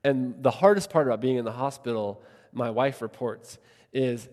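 An earnest man in his thirties preaches a relaxed, conversational sermon, with his voice sitting at a middle pitch. He thinks aloud and fills his talk with casual asides. His words ring with the long reverb of a large church hall. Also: moderate pace. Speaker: pastor.

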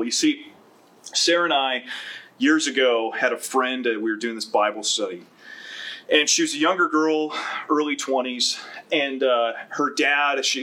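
A man preaching a sermon as pastor, telling stories and acting out voices with lively energy. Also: medium pitch. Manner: storytelling with animated acted-out voices.

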